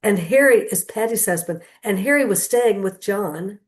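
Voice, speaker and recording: Brief: older woman comic, wry rambling storyteller, mid-pitched voice. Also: expressive, normal speed. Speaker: comedian. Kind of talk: stand-up storytelling.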